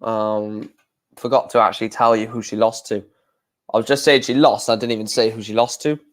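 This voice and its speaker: A man's voice: lowish voice, fairly even intonation, fairly quick. A man hosting a live stream, chatting casually and correcting himself as he goes. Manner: chatty, thinking aloud, self-correcting.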